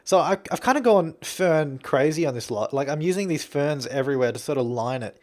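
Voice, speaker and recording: A man's voice: on the high side, lively intonation, brisk. A young Australian man talking casually over his building gameplay, rambling, chuckling and self-deprecating. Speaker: game builder commentator.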